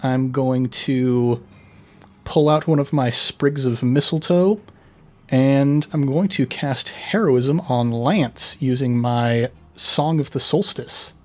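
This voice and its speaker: A man's voice: medium pitch, slow pace, darkish tone. A man with a mid-range voice plays a tabletop game, working through his turn step by step and reading out each rule as he goes. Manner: methodical, reads out rules. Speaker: player.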